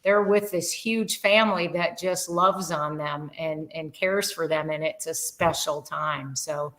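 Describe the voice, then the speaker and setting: A woman's voice: low voice, a little slow, a bit bright, poor audio. An older woman, a podcast guest, telling a heartfelt story in an earnest, rambling way with many fillers. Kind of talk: casual conversational storytelling.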